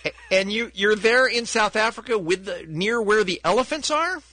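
A man's voice: high-pitched, moderate pace, bright, forceful tone, slight background noise. A man hosting a morning radio show, bantering playfully and laughing often.

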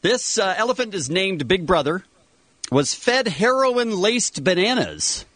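Husky radio cohost guy, high voice, laughs a lot. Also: sing-song, measured pace, fairly bright tone, no room sound. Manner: reads news aloud, laughs easily. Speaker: radio morning show co-host. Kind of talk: casual radio banter.

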